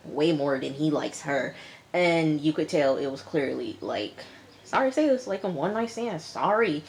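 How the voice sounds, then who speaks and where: A young woman recapping a reality show in a casual vlog, chatty and full of "like", acting out the people she retells. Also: low voice. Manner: chatty, mimics people in retelling, says "like" a lot. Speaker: YouTuber reviewing a reality show.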